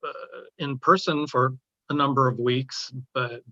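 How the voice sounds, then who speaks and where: A man who owns an art gallery, speaking as a guest in a discussion, often halting and restarting his sentences. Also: medium pitch, fairly even intonation, sharp tone, no echo, lo-fi sound. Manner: hesitant, many restarts and fillers. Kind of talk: conversational discussion.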